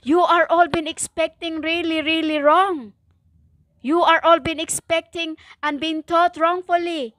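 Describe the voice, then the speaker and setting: A woman preaching a stern religious monologue in halting non-native English, with many fillers and emphatic repetition. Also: very high-pitched, fairly even intonation, a bit bright, dry recording, clean studio sound. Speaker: self-styled prophetic preacher.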